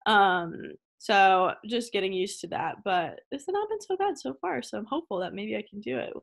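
This young woman, a college tennis player, speaks at a normal speed with a medium-pitched, expressive voice and some vocal fry. She's a casual interview guest on a video call from home, laughing easily and peppering her speech with "like."

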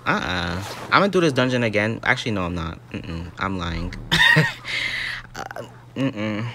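A man's voice: lowish voice, sing-song, unhurried, pushed and bright, a little hiss or hum. A young man giving dramatic, easily startled commentary on a mobile game as he plays. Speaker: gaming YouTuber.

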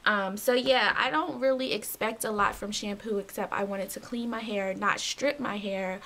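A woman's voice: mid-range voice, moderate pace, fairly bright tone. A young woman vlogging a casual hair product review, chatty and loose with fillers, in a just-woke-up morning voice. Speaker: beauty vlogger.

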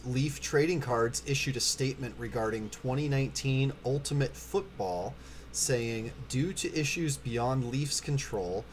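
Male co-host, relaxed news read, faint background noise. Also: medium pitch. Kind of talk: hobby news roundup.

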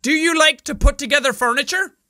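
A man hosting a gaming channel, recording intros at a studio mic with a pop filter, energetic and loud, shouting his openings and laughing often. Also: very high-pitched, brisk. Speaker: video game channel host. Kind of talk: recording video intros and outtakes.

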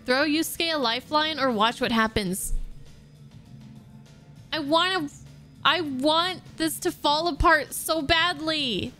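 A woman's voice: sits high, slow pace, pauses often, bright, forceful tone, soft background music. A woman streaming a game live, chatting casually and playfully, swearing now and then.

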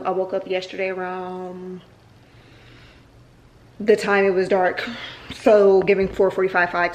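A woman's voice: medium pitch, a little hiss or hum. A woman talking casually to camera at home in her vlog. She is sleepy, blunt and rambling, and she swears freely. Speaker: vlogger.

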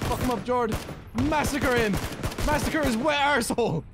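High-voiced gamer, noisy mix. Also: male voice, normal speed. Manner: loud, swearing, laughing often. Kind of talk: casual gaming banter.

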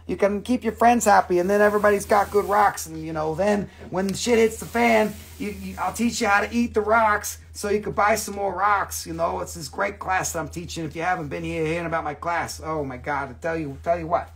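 A high-pitched man runs a live sales stream for his rock shop. He rambles nonstop, cracks jokes and swears freely as he pitches each piece. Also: steady tone, a little fast, hardly any pauses, fairly bright tone, breathy edge. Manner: rambling, jokey, profane, self-described nonstop talker.

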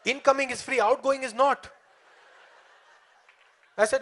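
A man's voice: extremely high pitch, unhurried, long pauses. A young man from India performing a stand-up comedy set at a live venue, chatting with the crowd and laughing often. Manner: lively crowd work, lots of laughing.

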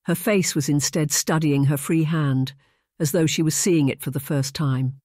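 A man narrating a novel in a measured, even reading. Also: on the high side, no room sound, studio quality. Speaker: audiobook narrator. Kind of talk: scripted narration.

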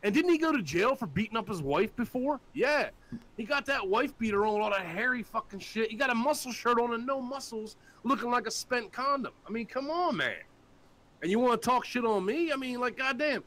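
A man's voice: extremely high pitch, lively intonation, a little fast, fairly bright tone. A man co-hosting a live call-in show, ranting angrily and swearing constantly, often mocking people in put-on voices. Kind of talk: profane ranting chat.

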